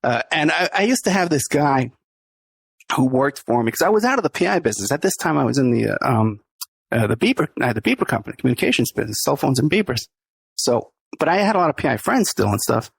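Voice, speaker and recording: A man's voice: medium pitch, big pitch swings, fast talker, creaky, slightly rough, dry recording. A middle-aged man, the podcast host, telling a story in a casual interview, laughing often and acting out the people he quotes.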